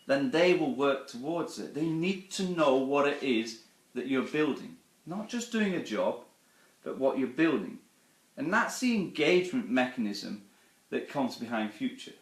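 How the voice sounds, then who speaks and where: A man giving a live online presentation, earnestly telling a story and asking his audience rhetorical questions. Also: on the high side. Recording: roomy echo.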